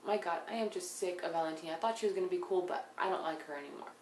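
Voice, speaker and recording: A young woman with a slightly low voice recaps TV in a blunt, casual way and swears freely. She sometimes slips into hushed asides. The room is echoey, with a faint hiss behind her. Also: very fast. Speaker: reality TV recapper.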